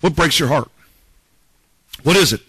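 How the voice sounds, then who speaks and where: A man delivers a sermon in a relaxed, conversational way, reading passages aloud and asking listeners what breaks their heart. His voice sits high and sounds bright and forward, recorded dry and close with almost no reverb. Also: measured pace, breathy edge. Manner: conversational preaching, reads scripture aloud, rhetorical questions. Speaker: pastor.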